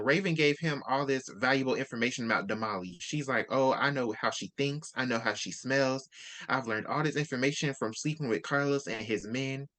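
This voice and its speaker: A host in a casual book discussion, retelling the story with lively quoted character lines. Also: medium pitch.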